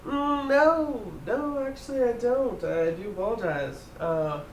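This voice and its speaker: A man doing a sugary high-voiced innkeeper woman. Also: a little slow, roomy sound, recorded from a distance, a little hiss or hum. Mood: falsely polite. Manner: sugary, high and overly polite. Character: flustered innkeeper woman hiding guests, falsely polite.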